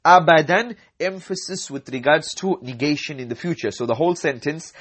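A man's voice: on the high side, quick pace, few pauses, a bit bright, breathy edge. A man teaching an Arabic lesson, reading each phrase, repeating it and explaining the grammar step by step. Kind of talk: language lesson, reading and translating.

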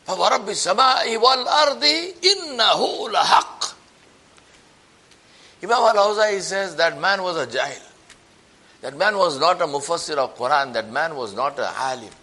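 A man preaching a sermon as a story, acting out the people in it with lively shifts of voice. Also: fairly quick. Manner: animated, acts out quoted voices with rising pitch.

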